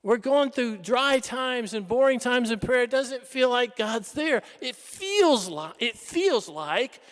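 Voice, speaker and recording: A man preaching a sermon in a church, dramatic, swinging between loud exclamations and hushed tones. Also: extremely high pitch, sing-song, slow. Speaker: pastor. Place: large church. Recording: reverberant church hall.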